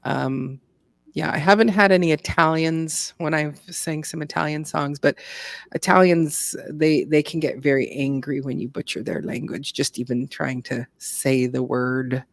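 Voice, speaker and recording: A woman's voice: low voice, fairly even intonation, measured pace, creaky, no echo, studio quality. A woman, a singer, telling stories and laughing in a casual live chat. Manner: chatty, laughing storyteller. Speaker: singer and co-host.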